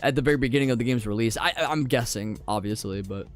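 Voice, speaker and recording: A young adult man streaming a game, chatting casually with his viewers and commentating his play, often repeating phrases and dropping into quiet mutters. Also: medium pitch, quick pace, soft background music. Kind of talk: casual live-stream chat with gameplay commentary.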